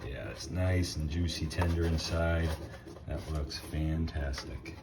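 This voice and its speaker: A man hosting a casual cooking demonstration, talking in a relaxed way while he tastes the food. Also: rumbling low, a little slow, vocal fry, noisy background. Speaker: cooking channel host.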